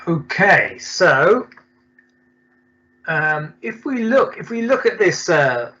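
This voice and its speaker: A man's voice: high voice, very animated, slow pace, pushed and bright, muffled recording. A man from Scotland, a doctor, hesitantly explaining a mental training method in a webinar. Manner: hesitant, with many restarts. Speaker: doctor presenting. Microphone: video call.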